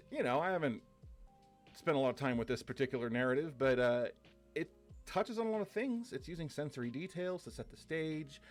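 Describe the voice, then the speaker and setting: A man teaching a short course, talking loosely through slides with many fillers and quick asides. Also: a little high. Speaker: course instructor. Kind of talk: casual lecture over slides.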